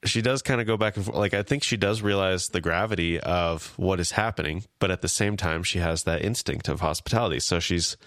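A man's voice: sits low, a bit bright, dry recording, studio quality. A man co-hosting a podcast, casually retelling episode scenes and acting out characters' lines. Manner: retells scenes, acts out lines with quick quips. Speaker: podcast co-host. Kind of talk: casual podcast recap chat.

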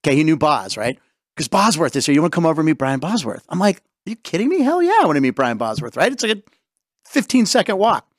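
A man hosting a sports and comedy radio show, telling stories in an animated way and acting out the quotes. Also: on the high side, fast, no echo, studio quality.

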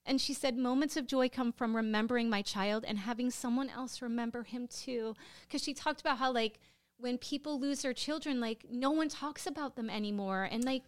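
A woman's voice: on the high side, normal speed, clear, resonant tone, dry recording. A woman co-hosting a podcast, telling a story in casual chat, emotional and rambling with lots of fillers. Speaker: podcast co-host.

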